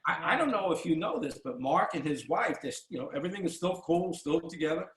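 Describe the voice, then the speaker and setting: A man's voice: fairly high pitch, expressive. Rambling older male host, roomy echo. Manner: rambling, halting storyteller with many restarts. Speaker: podcast host. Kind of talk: casual interview chat.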